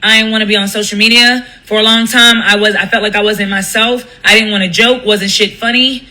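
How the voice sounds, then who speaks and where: Woman, blunt and profane live-stream ranter, bright tone. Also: mid-range voice, a little fast, low-quality recording. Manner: blunt, profane, animated, mimics others in quotes. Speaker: commentator speaking on a live stream. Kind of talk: candid monologue on a live stream.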